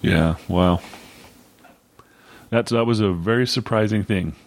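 A man's voice: lowish voice, a little slow. A man co-hosting a podcast, talking casually about a film, hesitant and thinking aloud. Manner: hesitant, with many fillers and restarts. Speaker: podcast co-host.

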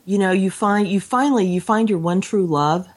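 A woman's voice: medium pitch, normal speed. A woman in casual podcast talk about a film, reading a printed speech aloud with expression. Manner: reads quotes aloud with expression. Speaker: podcast co-host.

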